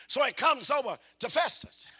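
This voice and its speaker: High-voiced, sharp-toned preacher man. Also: expressive, moderate pace, husky. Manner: swings from hushed asides to fervent shouting; folksy, repetitive, questions the congregation. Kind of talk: call-and-response sermon.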